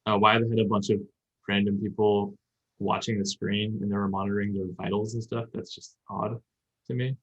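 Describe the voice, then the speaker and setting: A man's voice: lowish voice, flat delivery, fairly quick, dull audio. A man co-hosting a casual podcast, explaining Japanese vocabulary in a rambling way with lots of fillers and restarts. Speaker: podcast co-host. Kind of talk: casual chat about learning Japanese.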